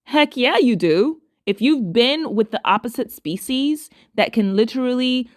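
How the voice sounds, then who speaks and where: A woman's voice: fairly high pitch, animated, unhurried, no room sound, studio quality. A woman hosting casual commentary to her viewers, talking emphatically and repeating phrases for stress. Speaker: commentary host.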